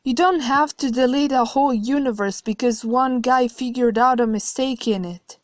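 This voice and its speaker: A woman's voice: on the high side, normal speed, no room sound, clean studio sound, voice pushed up, natural voice. A woman reading a horror story, voicing a young man who asks urgent, confused questions. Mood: pleading.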